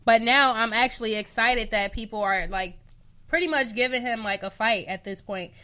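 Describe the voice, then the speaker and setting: A woman co-hosting a casual pop culture chat, playful and quick to laugh. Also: a little high. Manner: playful, laughs often, animated. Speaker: co-host.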